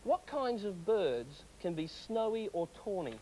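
A woman's voice: medium pitch, big pitch swings, a little slow, dark tone, poor audio. Bubbly woman playing quizmaster. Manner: bouncy, chatty quizmaster patter. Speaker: pretend game show host. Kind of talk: playful game show role-play.

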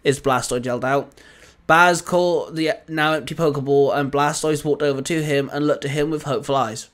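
A man reading a fan fiction story aloud in a steady storytelling voice. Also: a little high, moderate pace. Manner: steady reading with small restarts.

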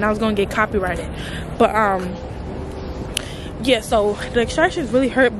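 A woman's voice: fairly high pitch, noisy background. A young woman, ranting in a casual storytime vlog, heated and full of swearing and filler words. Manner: heated, profane ranting with lots of "like" and "mind you". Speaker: vlogger.

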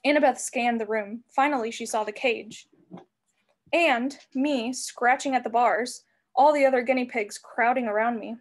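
A woman reading a novel aloud in an expressive storybook manner. Her voice sits on the higher side. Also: moderate pace. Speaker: reader.

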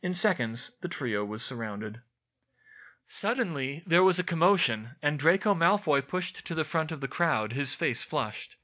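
Audiobook: male narrator, animated, bright tone, expressive read. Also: a little high, a little slow.

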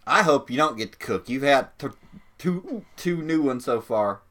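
A man's voice: mid-range voice, lively intonation, unhurried, a bit bright. A man co-hosting a casual gaming livestream, laid-back and dry, talking through a bout of hiccups. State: has the hiccups. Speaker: livestream co-host.

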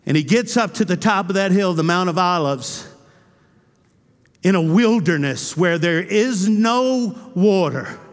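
A male pastor preaching a sermon with passion, moving between loud cries and hushed, intimate lines. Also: high voice, lively intonation, measured pace. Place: church sanctuary. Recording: church hall with long reverb.

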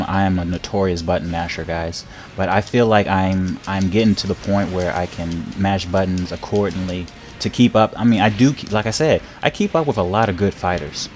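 A deep-voiced young man chats loosely over his gameplay, stumbling over his words and doubling them up. He laughs a lot and turns loud and excited when things go wrong on screen. Faint game music runs underneath. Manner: rambling, repeats words, laughs often, gets loud and excited when hit. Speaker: gameplay streamer. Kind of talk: casual gameplay commentary.

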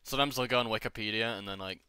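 A man's voice: lowish voice, rapid-fire, bright, forceful tone, smooth, dry recording. A young man chatting casually with friends while gaming, rambling, joking and swearing freely. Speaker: gamer streaming with friends.

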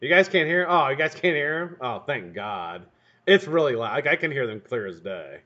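A livestream host builds vape coils at a bench in his home, rambling, cursing, and making joking asides to chat. His mid-range voice is very animated, bright, and forceful, moving at a moderate pace. The stream sound is dull and lo-fi.

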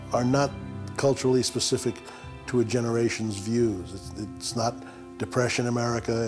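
A measured, analytical man speaking in an interview with a middle-pitched voice. Music plays clearly behind him. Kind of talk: interview commentary on film.

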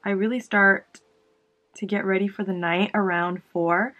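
A young woman from Canada chatting casually to camera while doing her makeup, animated and sometimes mocking. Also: medium pitch, a little slow, highs cut off. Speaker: beauty vlogger. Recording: faint music behind.

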